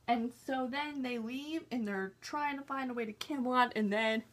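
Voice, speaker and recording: A young woman vlogger giving an excited fan recap of a TV episode, gushing and acting out scenes as she goes. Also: high voice, normal speed, hardly any pauses, a little hiss or hum. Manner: gushing, animated, acts out scenes with "I'm just like".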